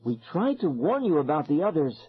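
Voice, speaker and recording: A man's voice: fairly high pitch, sing-song, fairly quick, slightly rough, narrow, tinny audio, pitched above the performer's own voice. A man voicing a frightened, breathless girl in a horror audiobook. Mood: worried. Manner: breathless, worried. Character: frightened girl warning of danger.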